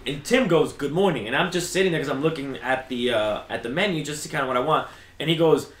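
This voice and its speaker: A man, a stand-up comedian, chatting casually and telling stories with lively acted-out voices. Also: fairly high pitch, fast talker, roomy sound. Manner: animated storyteller, acts out characters. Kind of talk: casual chat.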